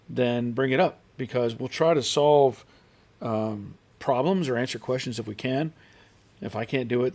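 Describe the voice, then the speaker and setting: A middle-aged man hosts a relaxed live stream from his garage. He reads viewer comments aloud and greets each person in turn, in an everyday voice of middling pitch. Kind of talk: casual live stream chat. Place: home garage.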